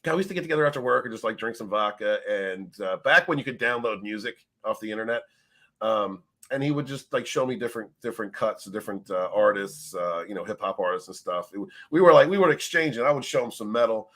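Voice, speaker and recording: Casting: middle-aged male streamer, bright husky voice, loose and profane, laughs a lot. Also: fairly low pitch, animated, quick pace. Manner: loose, laughing, greets chat by name, swears freely. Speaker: livestream host. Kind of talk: casual livestream chat.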